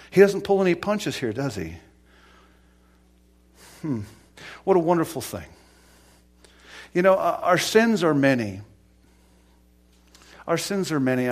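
A man preaching a sermon, emphatic, swinging from quiet asides to loud stresses and repeating words for emphasis. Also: mid-range voice, breathy edge. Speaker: pastor.

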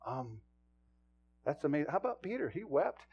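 A man preaching a sermon to his congregation as pastor, swinging from loud exclamations to hushed, low asides. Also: big pitch swings, normal speed, breathy edge, highs cut off.

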